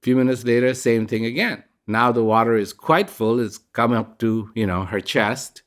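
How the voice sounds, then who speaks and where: A man giving a casual, reflective spiritual talk, telling a parable in a gentle storytelling manner. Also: mid-range voice, fairly even intonation, normal speed. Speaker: speaker giving a reflective message.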